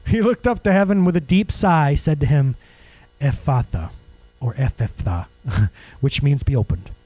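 A man preaching a sermon as a pastor, conversational and animated, with jokes and asides to the congregation. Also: fairly high pitch, a little slow, long pauses, no echo, poor audio.

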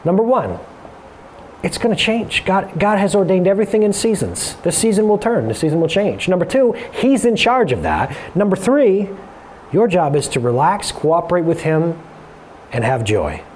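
A man in his thirties preaching a sermon in a conversational way, with jokey asides and quick self-corrections. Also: sits high, very animated, darkish tone, slight background noise. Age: 30s.

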